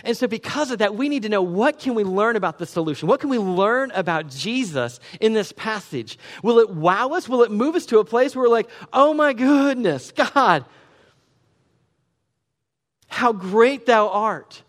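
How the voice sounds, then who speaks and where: A young adult man preaches in a church, his somewhat high voice rising to loud emphatic peaks before dropping into quiet asides. He acts out the voices of the people he quotes. A long reverb from the church hall trails behind his words. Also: lively intonation, fairly quick, few pauses. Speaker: pastor. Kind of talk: sermon. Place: church sanctuary.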